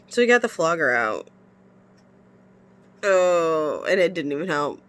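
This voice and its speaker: A woman's voice: fairly low pitch, lively intonation, normal speed, long pauses. A woman talking frankly and emotionally in a confessional vlog, sighing often, her nose stuffy from crying. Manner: emotional, frank venting with sighs. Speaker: vlogger.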